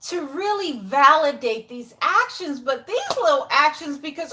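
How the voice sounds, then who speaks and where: A woman's voice: high voice, sing-song, unhurried, hardly any pauses, sharp tone, slight background noise. A woman in her forties giving casual commentary, exasperated and sarcastic, dropping into muttered asides. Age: 40s. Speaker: YouTube commentator.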